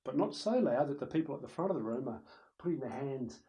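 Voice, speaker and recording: Speaking fast in a medium-pitched voice, a man delivers a conversational presentation-skills lecture, animatedly demonstrating loud and soft voices. He talks straight to the viewer and to someone in the room with a camera operator, on a low-quality recording.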